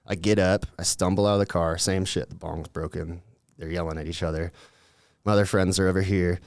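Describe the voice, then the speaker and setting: Gravelly laid-back young man, dry sound. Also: low voice, steady tone, brisk, dry recording. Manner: laid-back, rambling, heavy on filler words and swearing. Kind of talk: casual storytelling.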